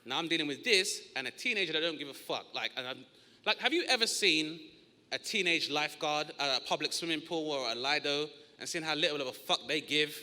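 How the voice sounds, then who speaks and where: A stand-up comic works a theatre stage, his voice bright and lively, jumping high into squealing put-on yelps as he acts out his stories. The sound carries the long reverb of a large hall. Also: brisk. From South East London. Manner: animated storytelling with loud high-pitched put-on yelps. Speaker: stand-up comedian. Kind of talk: stand-up comedy set.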